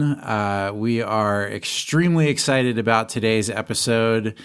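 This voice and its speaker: A man's voice: on the low side, unhurried, few pauses, faint music behind. A man hosting a podcast, giving an upbeat scripted introduction and stretching out key words. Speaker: podcast host.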